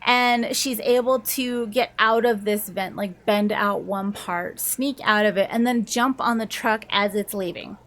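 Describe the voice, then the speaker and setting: A woman's voice: mid-range voice, unhurried, hardly any pauses, fairly bright tone. A woman reviewing a book, retelling its plot in a chatty, casual way with many filler "likes".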